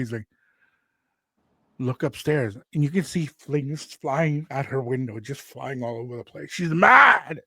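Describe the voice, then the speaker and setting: A man telling a personal story in casual chat, animated and acting out what people said. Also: mid-range voice, normal speed, creaky, no echo. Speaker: radio show host.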